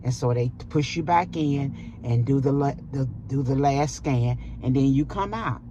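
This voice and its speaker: A middle-aged woman recounting her own experience for her vlog audience. She talks in a lively, dramatic way, with plenty of exclamations as the story builds. There is a faint hum of room ambience behind her. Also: rumbling low, moderate pace, lo-fi sound. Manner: animated retelling with dramatic exclamations. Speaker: vlogger.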